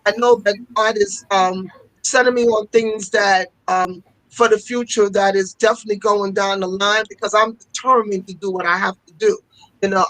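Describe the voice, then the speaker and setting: A woman speaks as a guest on a talk segment, telling long stories with passion and repeating words to drive them home. Her voice sits at a middle pitch. The sound is dry and close, with no room echo. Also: fairly bright tone. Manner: passionate storytelling with repetitions. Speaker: fashion school owner and guest. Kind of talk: casual interview talk.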